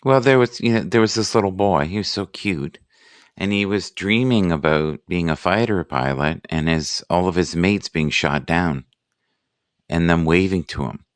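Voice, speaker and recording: A man hosting a casual live morning chat, musing and self-deprecating, reading out sayings slowly. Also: low-pitched, clear, resonant tone, dry recording.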